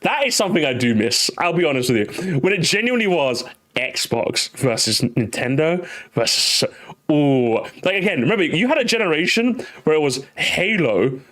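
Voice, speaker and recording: Animated young streamer. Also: male voice, fairly high pitch, normal speed. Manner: animated, swearing, ranting with laughs. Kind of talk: casual livestream chat to viewers.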